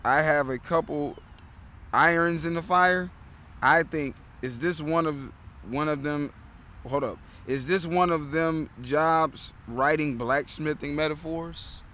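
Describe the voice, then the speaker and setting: A man from Detroit, a street performer, reading one-liners slowly and deliberately outdoors on a city street. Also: fairly high pitch, pushed and bright. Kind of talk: casual joke reading.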